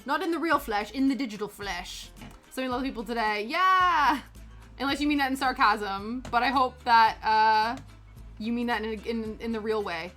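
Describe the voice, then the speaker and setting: A chatty woman from Canada talks with her stream viewers, greeting them by name and laughing often. Her voice sits a little high and rings bright and forceful. Soft music plays faintly behind her. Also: steady tone, brisk. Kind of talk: casual chat with live chat while cross-stitching.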